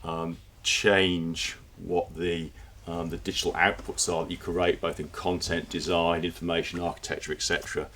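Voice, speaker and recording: Man, low voice, conference presentation, casual with fillers. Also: level tone, moderate pace, few pauses, pushed and bright, a little hiss or hum. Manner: conversational, with fillers and repeated words. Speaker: conference speaker. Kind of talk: presentation talk. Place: conference room with audience.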